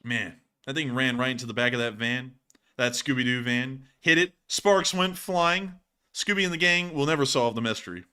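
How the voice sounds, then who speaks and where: Bright-voiced joking male commentator. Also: medium pitch, normal speed, clean tone. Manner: joking, casual, chuckles at his own puns. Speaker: host of war news stream. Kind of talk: live commentary over video clips.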